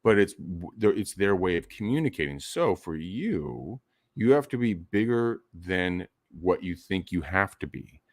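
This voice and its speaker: A man's voice: low voice, very animated, unhurried, no room sound, clean studio sound. A man co-hosting a real estate podcast, chatting casually and coaching listeners in an emphatic way. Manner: emphatic, coaching tone, profane at times. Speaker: podcast co-host.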